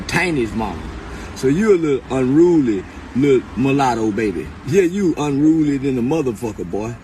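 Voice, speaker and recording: A man hosting a podcast, delivering a loud, profane, laughing freestyle rant that swings between high outbursts and low mutters. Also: a little hiss or hum. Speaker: podcast host.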